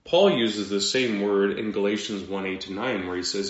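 A man preaching a sermon as pastor, in a slow, dramatic delivery with pauses and sudden drops to quiet. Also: lowish voice. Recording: echoey room, dull lo-fi sound.

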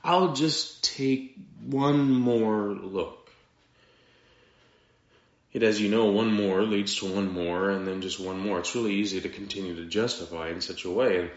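A man preaching a sermon as pastor, in a slow, dramatic delivery with pauses and sudden drops to quiet. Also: sits low, fairly even intonation. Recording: echoey room, dull lo-fi sound.

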